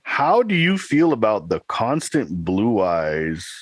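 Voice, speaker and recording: A man's voice: fairly low pitch, sing-song, takes it slowly, husky, no room sound. A man in his thirties, a podcast co-host, chatting casually and telling a rambling story with laughs. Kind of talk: casual chat.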